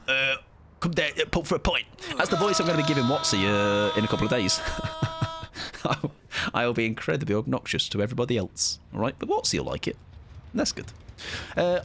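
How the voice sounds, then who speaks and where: A young man chats through his live game stream with jokes, casual swearing and playful mock-villain taunts. His pitch jumps all over, from low mutters to high squeals. A faint hiss sits under his desk-mic voice. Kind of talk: live gameplay commentary.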